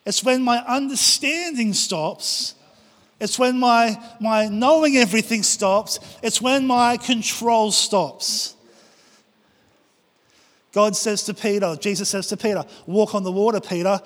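A man's voice: high-pitched, unhurried, a bit bright. A man preaching a passionate sermon to his church, acting out prayers and quotes. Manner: impassioned, acts out prayers and quotes. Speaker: pastor. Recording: long hall reverb.

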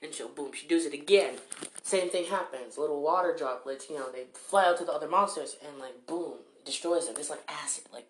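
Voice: medium pitch, a little fast, slight background noise. A fan casually retelling an anime episode in a rambling way, full of fillers like "you know" and "like". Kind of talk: casual spoken recap. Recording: roomy echo.

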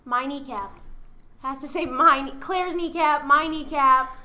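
Very high, slow, giggly woman. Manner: giggly, teasing, slow and drawn out. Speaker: co-host giving words. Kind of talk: casual word game chat. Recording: loud background noise.

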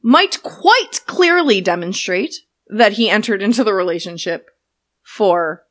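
A woman's voice: mid-range voice, lively intonation, measured pace, a bit bright. A young woman co-hosting a casual chat podcast, joking and swearing, reading excerpts aloud. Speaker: podcast co-host.

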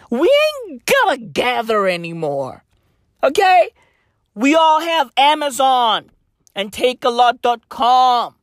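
A woman's voice: on the high side, dry recording, clean studio sound. A woman delivering a heated, profane comedic rant full of exasperated questions and slang.

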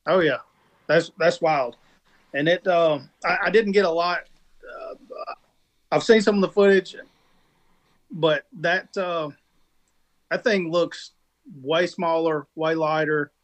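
Easygoing man with a slightly high voice. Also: fairly even intonation, slow, long pauses. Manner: easygoing, agreeable, laughs along. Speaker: podcast co-host. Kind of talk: casual chat about off-road racing.

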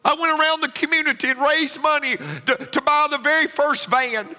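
A man's voice: very high voice, normal speed, sharp tone. A man preaching a sermon, emotional and building to fervent exclamations. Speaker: pastor. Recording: long hall reverb with faint music.

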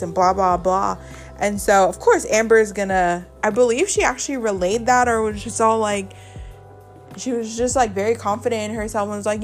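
A woman's voice: mid-range voice, fairly quick, creaky, faint music behind. Chatty gossiping woman podcast host. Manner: chatty, gossipy recap with fillers and quoted reactions. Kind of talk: casual chat.

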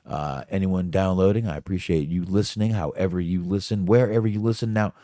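A man's voice: sits low, steady tone, fairly quick, mellow, dry recording, clean studio sound. A man hosting a solo podcast, talking off the cuff in a rambling, profane, casual way. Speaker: podcast host.

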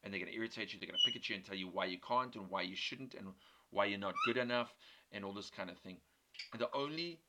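A man giving an earnest, emphatic sermon built around a personal story. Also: on the low side. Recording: loud background noise.

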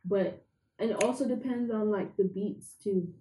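A woman's voice: medium pitch, normal speed, mellow, a little hiss or hum. A woman co-hosting a podcast, chatting casually and hesitantly, with many fillers and restarts. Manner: hesitant, full of fillers and restarts, laughs easily. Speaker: podcast co-host. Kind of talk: casual chat. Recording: echoey room.

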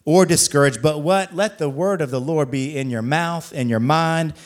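A male pastor preaching a sermon, reading scripture aloud in a measured cadence and driving points home with repeated rhetorical questions. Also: on the high side.

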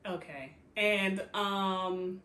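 A woman's voice: mid-range voice, drawn-out words, reverberant. A woman co-hosting a podcast in casual, slangy chat, telling a story with lots of laughter and acted-out quotes. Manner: animated storyteller, acts out quoted characters; slangy, profane, laughs often. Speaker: podcast co-host. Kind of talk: casual chat recapping a TV show.

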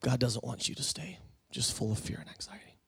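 A man's voice: medium pitch, lively intonation, brisk, creaky, fairly bright tone, breathy edge. A man, a pastor, preaching a sermon to his church in a conversational way that builds into fervent appeals. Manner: conversational, rising to fervent exhortation. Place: church sanctuary.

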